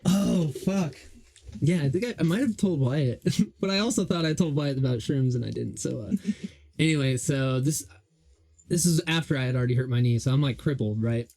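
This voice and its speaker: A man's voice: mid-range voice, moderate pace, a little mellow. A young man hosting a podcast, telling a story in a rambling, profane, casual way. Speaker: podcast host. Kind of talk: casual chat.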